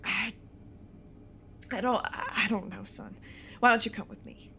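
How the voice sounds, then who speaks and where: A woman voicing a weary middle-aged father who quietly, haltingly reassures his son. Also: sits high, fairly even intonation, vocal fry, slight background noise, heavily acted. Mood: soothing. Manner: soft, stammering reassurance.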